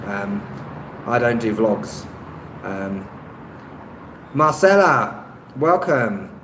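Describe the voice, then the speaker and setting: A man from West London with a West London accent, hosting a live stream and reading out viewer comments in a relaxed way with lots of ums. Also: mid-range voice, extremely slow. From West London, England. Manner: relaxed, many ums, chuckles at himself. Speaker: YouTube travel channel host. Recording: echoey room, faint traffic noise.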